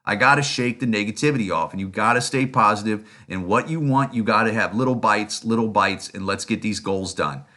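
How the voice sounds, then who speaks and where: A man talks alone into his podcast mic, blunt and profane. His voice is bright and forceful, his speech full of "uh", "like" and restarts. He keeps hammering the same rhetorical questions. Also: lowish voice. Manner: rapid, rising rhetorical questions. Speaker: podcast host. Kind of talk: solo opinion rant.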